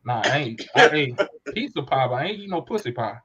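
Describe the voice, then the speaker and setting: A man's voice: medium pitch, brisk, husky, dull audio. A man hosting a podcast, telling a story in casual chat and acting out the voices of people in it. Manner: animated storyteller, acts out quoted voices. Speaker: podcast host.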